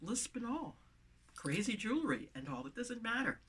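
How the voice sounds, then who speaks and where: A woman's voice: on the high side, sing-song, normal speed, slightly rough. Woman with a lisp, emphatic motivational vlogger. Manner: emphatic, repeating phrases for emphasis. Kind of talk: motivational talk to camera. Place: inside a van.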